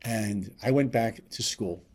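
A middle-aged man from New York, telling a motivational story in an animated way and acting out the other voices. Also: on the low side, unhurried. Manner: animated, acts out voices in his stories.

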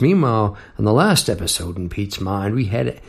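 A middle-aged man talks over his songwriting in a loose, rambling way, full of fillers and asides. His voice sits low with a rough, gravelly fry. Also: fairly quick, few pauses. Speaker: podcast host and songwriter. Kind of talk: reflective casual talk.

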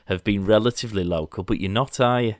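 A podcast host from Leeds, England, with a Yorkshire accent, runs a casual business show over a remote online call. His voice is on the low side and fast, the recording dry, and he's chatty and rambling, laughing often.

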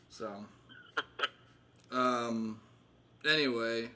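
A man's voice: medium pitch, moderate pace, sharp tone. A man in his thirties casually catching up with old friends, rambling with fillers and laughing often. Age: 30s. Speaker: host.

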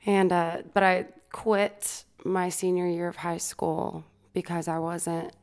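Young female singer, podcast guest, low voice with vocal fry, relaxed and laughing. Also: takes it slowly. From Texas. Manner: easygoing, laughs often. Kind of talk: casual interview chat. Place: home studio.

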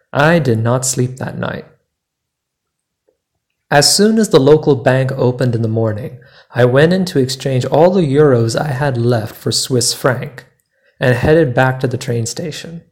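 A man hosting a podcast, narrating a personal travel story in a measured, deliberate way. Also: mid-range voice, darkish tone. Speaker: podcast host.

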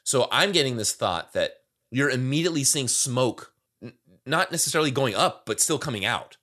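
A man's voice: mid-range voice, lively intonation, normal speed, sharp tone. A man in casual chat, mostly reacting with short replies.

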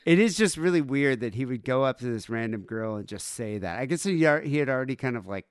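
A man's voice: medium pitch, animated, fast talker, smooth, no echo, clean studio sound. A man hosting a casual podcast, rambling through stories with laughs and crude humor. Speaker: podcast host. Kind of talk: casual chat.

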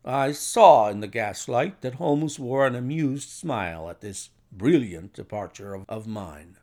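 A man reading a classic detective story aloud in measured narration. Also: mid-range voice, animated, mellow. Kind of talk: audiobook narration.

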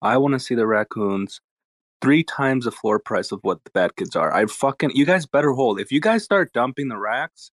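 A man's voice: mid-range voice, animated, moderate pace, dry recording, clean studio sound. A man hosting a casual online audio chat, joking and swearing freely. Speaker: host.

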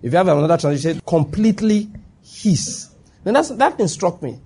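A man's voice: high voice, big pitch swings, moderate pace, dark tone, slightly rough. A man preaching a sermon to a live congregation, emphatic and repetitive, often checking that his listeners follow him.

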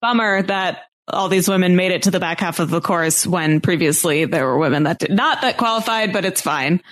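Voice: mid-range voice, brisk, a bit bright. A podcast co-host in casual chat, making wry, joking asides about the competitors.

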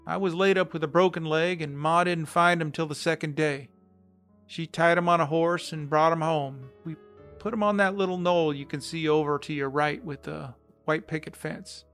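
A man voicing an old rancher father, weary and gentle, talking plainly with a choke of sorrow in his voice. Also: a little high, steady tone, moderate pace, faint music behind. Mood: grieving, resigned. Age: older.

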